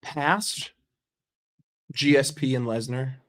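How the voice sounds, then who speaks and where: A man hosting, chatting casually and answering questions offhand, halting now and then with fillers. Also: medium pitch, expressive. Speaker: host.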